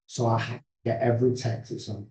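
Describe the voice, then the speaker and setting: A man's voice: mid-range voice, little pitch movement, fairly quick, dark tone. A man, an addiction specialist earnestly telling his life story in rambling, heartfelt sentences. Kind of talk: emotional personal storytelling. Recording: roomy echo.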